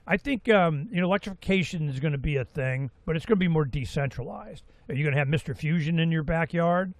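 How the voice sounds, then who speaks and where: A man in his sixties giving a rambling, folksy talk-radio monologue as host, with animated asides. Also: fairly high pitch, fast talker, no room sound. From Florida, USA. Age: 60s.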